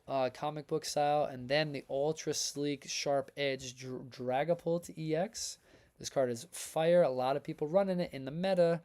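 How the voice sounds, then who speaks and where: Energetic man hosting a card livestream. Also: a little high. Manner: energetic, hype-filled, talks to chat as folks and man. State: voice worn from long reading. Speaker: livestream host reviewing trading cards. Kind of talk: casual livestream chat reading viewer comments.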